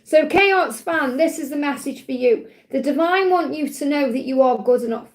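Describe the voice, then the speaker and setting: A woman's voice: high voice, moderate pace. A woman hosting a live spiritual Q&A, talking casually and reassuringly to her chat and often checking in with "okay?". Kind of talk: casual livestream reading.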